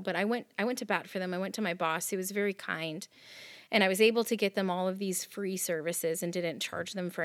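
A woman's voice: medium pitch, dry recording, studio quality. A woman hosting her own podcast, telling personal stories in an earnest, heartfelt way, often restarting her sentences. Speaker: podcast host. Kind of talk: personal storytelling monologue.

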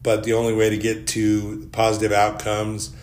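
A man's voice: on the low side, monotone, normal speed, darkish tone. A man hosting a solo podcast, telling stories in a rambling, wry and joking way. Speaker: podcast host. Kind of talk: casual solo podcast monologue.

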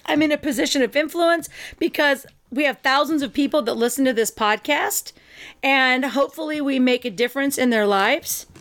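A woman with a slightly high voice co-hosts a podcast in a relaxed, chatty way. She often restarts her sentences and slips into quick acted-out bits of dialogue. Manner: chatty, acts out quoted dialogue, frequent restarts. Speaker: podcast co-host. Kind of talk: casual podcast chat.

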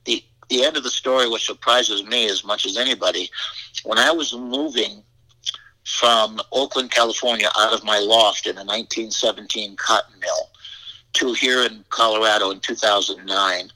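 A man's voice: fairly low pitch, pushed and bright, rough recording. An older man telling a rambling personal story as an interview guest, repeating words and adding frank asides. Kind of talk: anecdotal storytelling.

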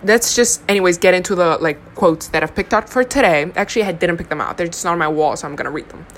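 A woman's voice: fairly low pitch, fast talker, slight background noise. A young woman from Honduras chatting alone on her podcast, rambling with lots of fillers and self-deprecating asides. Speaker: podcast host. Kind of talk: casual solo podcast chat.

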